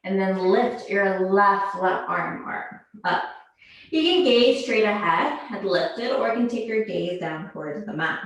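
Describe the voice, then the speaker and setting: Woman, yoga instructor, calm pose and breath cues, slow pace, very reverberant room. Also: mid-range voice. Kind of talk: guided yoga class instruction. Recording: very echoey room.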